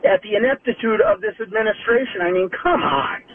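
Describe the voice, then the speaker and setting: A man's voice: sits high, wildly swooping pitch. Angry male caller on a tinny phone line. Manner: emotional, halting, angry. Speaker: caller, military veteran. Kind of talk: call-in to talk radio.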